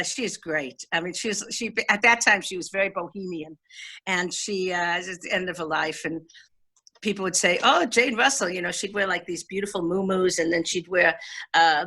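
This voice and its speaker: Older lady chatting about old movies, bright voice, low-ish, lots of uhs and asides. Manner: chatty and enthusiastic, with many fillers. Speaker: film critic giving an online talk. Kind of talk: casual talk on movies.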